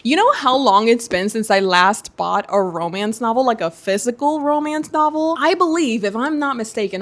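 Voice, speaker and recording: A young woman hosting a book unboxing vlog, gushing and excitable, with lots of exclamations as she opens her books. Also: mid-range voice. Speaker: booktuber.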